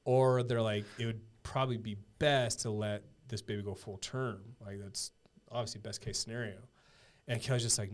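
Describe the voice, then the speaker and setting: A man in his thirties, a podcast guest telling a personal story in a casual, earnest way, full of halting restarts and fillers. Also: fairly low pitch, fairly even intonation.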